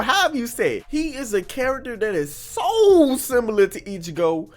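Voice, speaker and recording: A young woman talking casually as a video creator, slangy and animated, laughing as she goes. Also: on the high side. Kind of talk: casual chatty commentary.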